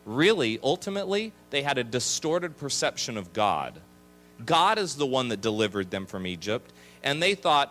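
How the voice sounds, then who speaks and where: A man preaching as a pastor, lively, with quick asides and acted-out complaining voices. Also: mid-range voice, soft background music. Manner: animated, acts out grumbling voices. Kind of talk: sermon. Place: chapel.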